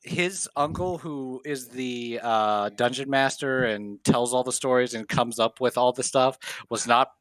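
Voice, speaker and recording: A man co-hosting a podcast, telling a funny story in an animated way and laughing as he acts out what others said. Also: medium pitch, a little slow, no room sound. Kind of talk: casual storytelling chat.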